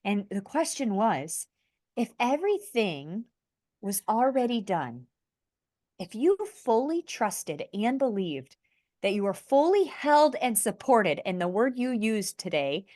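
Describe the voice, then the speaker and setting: A woman on a podcast, speaking earnestly and from the heart about spiritual growth, often pausing to restart her thoughts. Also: mid-range voice, sing-song, a little mellow, no echo, studio quality. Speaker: podcast host. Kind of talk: conversational podcast sharing.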